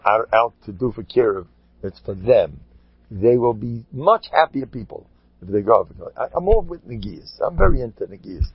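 Husky man teaching with fiery outbursts. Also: medium pitch, no echo, highs cut off. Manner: swings from mumbling asides to impassioned shouting. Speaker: Torah teacher. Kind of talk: dramatic Torah class storytelling.

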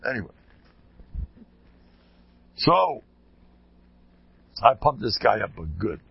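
A man's voice: lowish voice, very animated, slow, creaky, slightly rough, highs cut off. An older man, a rebbe, giving an informal Torah talk, joking and sprinkling in Hebrew and Yiddish terms. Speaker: rebbe teaching a Torah class.

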